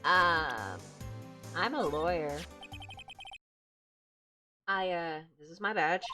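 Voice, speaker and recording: A woman's voice: fairly low pitch, expressive, drawn-out words, pushed and bright, pitched below the performer's own voice, heavily acted. A woman voicing a hesitant, stammering young male lawyer, with music underneath.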